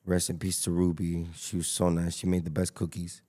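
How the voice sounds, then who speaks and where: A man, a taco restaurant owner telling stories as a guest in a casual podcast interview, animated and full of slang. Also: deep voice, fairly quick. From Los Angeles. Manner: animated storyteller, slangy, acts out dialogue.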